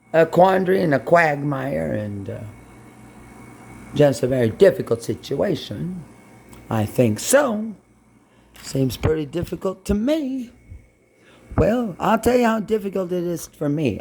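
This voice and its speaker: A man's voice: sits high, creaky, a little mellow, breathy edge. A man from Brooklyn, rambling and swearing bluntly as he talks to his camera. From Brooklyn, New York. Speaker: vlogger.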